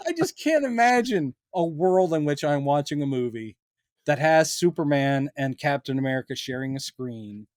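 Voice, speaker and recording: A man with a fairly high, animated voice, joking his way through a casual podcast chat. He slips into silly voices for quotes. The sound is close and dry, with no room around it. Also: normal speed, dry recording. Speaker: podcast co-host.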